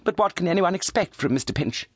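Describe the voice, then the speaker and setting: A man puts on a sharp-tongued young woman, pitched high above his own voice and bouncing sharply. Her snappish lines come through dry and close. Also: expressive, quick pace, husky, dry recording.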